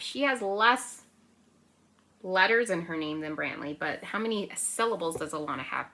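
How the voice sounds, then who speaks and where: A young woman teaching a remote circle-time lesson to small children, gentle and encouraging, often checking in with "right?" and slowly counting and clapping out syllables. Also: lowish voice, expressive. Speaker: preschool teacher.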